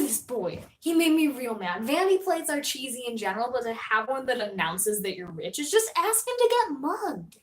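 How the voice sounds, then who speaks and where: Animated young woman streamer. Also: on the high side, moderate pace, hardly any pauses, rough recording. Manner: animated storytelling, swings loud and soft. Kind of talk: casual live-stream chat.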